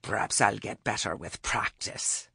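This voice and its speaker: A man's voice: lowish voice, a little slow, vocal fry, bright, forceful tone, husky, no echo, clean studio sound, heavily acted. A man voicing a stern elderly witch who is acting oddly sweet, with prim, earnest, clipped rural speech.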